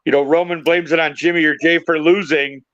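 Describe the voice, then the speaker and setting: Male co-host, fairly high voice, sure of himself, dull lo-fi recording. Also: fairly even intonation, a bit bright, dry recording. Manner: confident, quick to correct and explain. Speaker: podcast co-host. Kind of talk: casual wrestling chat.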